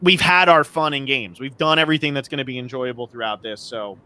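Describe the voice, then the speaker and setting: A man's voice: mid-range voice, brisk, sharp tone, clear, resonant tone. A man co-hosting a casual podcast chat, talking enthusiastically and joking as he gushes about his favorites. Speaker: podcast co-host.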